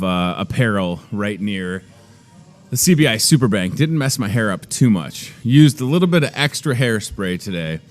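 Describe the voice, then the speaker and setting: A man in his thirties hosting a live store segment, chatty and joking about himself as he talks with a guest. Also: medium pitch. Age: 30s. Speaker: host. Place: inside a grocery store.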